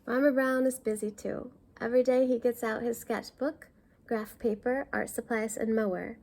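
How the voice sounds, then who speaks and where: A woman reading a picture book aloud at a library storytime, pausing to explain words for young listeners. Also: fairly high pitch, steady tone, darkish tone, a little hiss or hum.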